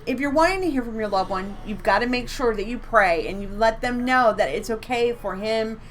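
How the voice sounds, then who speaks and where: A woman's voice: on the high side, brisk, a little hiss or hum. A woman co-hosting a live psychic reading stream from home, chatty and upbeat, repeating words for emphasis. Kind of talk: casual live-stream chat.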